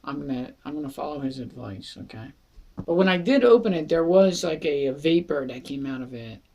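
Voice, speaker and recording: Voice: medium pitch, lively intonation, a little fast, creaky, darkish tone. A wine reviewer from Philadelphia who talks through a casual product review in a chatty, joking way, with asides and self-deprecating remarks. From Philadelphia, USA.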